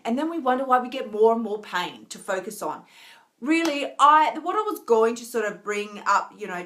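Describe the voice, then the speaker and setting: A woman hosting a casual live stream about mindset and food, talking with many restarts and acting out the voices in her head. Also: a little high. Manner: animated, acts out inner voices, many restarts.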